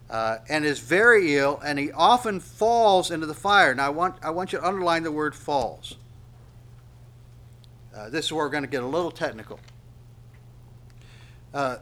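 A man preaching an expository sermon, walking listeners through a text word by word and building to loud, emphatic peaks. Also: on the high side. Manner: explains word by word, asks listeners to underline.

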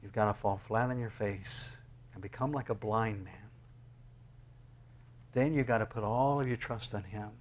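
A man preaching a sermon as pastor. He reads scripture and closes in prayer, and he swings between loud, high exclamations and hushed, low asides. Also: normal speed, long pauses.

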